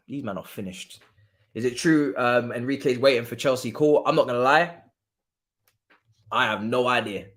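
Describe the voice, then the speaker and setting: A young man hosting a football watchalong live stream, mocking a rival club in casual banter that jumps between low mutters and loud outbursts. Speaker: livestream football watchalong host.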